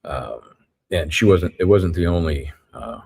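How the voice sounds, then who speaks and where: A man with an extremely deep, husky voice delivers a live courtroom recap. He reports as a trial reporter, pausing often and working through the details step by step. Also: animated, darkish tone. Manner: halting, methodical retelling.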